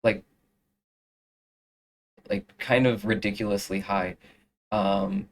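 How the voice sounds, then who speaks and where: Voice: medium pitch, fairly even intonation, slow pace, long pauses, poor audio. A young adult streamer chatting casually while drawing live, rambling with lots of fillers and restarts. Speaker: streamer doing art.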